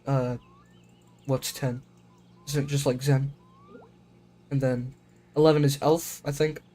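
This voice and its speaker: A man's voice: medium pitch, flat delivery, slow, dark tone. A young American man chatting casually on a game live stream, rambling and sounding out foreign words as he plays. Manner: rambling, self-questioning, trying out German words.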